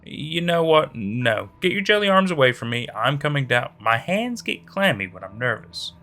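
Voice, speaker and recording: A man's voice: medium pitch, very animated, normal speed, gravelly, bright, forceful tone, exaggerated voice. A man voicing a panicked young woman who frantically pleads to be pulled up.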